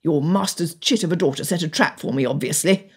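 A woman's voice: low voice, a little fast, breathy edge. A woman voicing an indignant, arrogant young nobleman who snaps and complains. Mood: angry. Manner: snapping, indignant.

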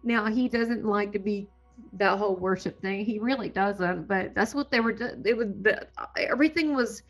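A woman giving a personal testimony as a guest, animated and full of awe, often breaking into laughter. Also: medium pitch, normal speed, soft background music. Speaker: near-death experiencer guest.

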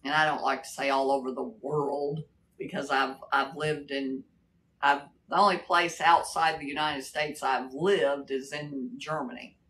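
A woman in her sixties with a Kentucky accent and a Texas drawl, talking at a slow, unhurried pace in a low voice. She chats casually with livestream viewers and greets them one by one. A faint hum of background noise sits under her voice. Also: flat delivery, a bit bright, low-quality recording. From Kentucky, raised in Texas. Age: 60s. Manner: drawn-out drawl, chatty, greets viewers by name. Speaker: livestream host. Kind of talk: casual livestream chat reading comments.

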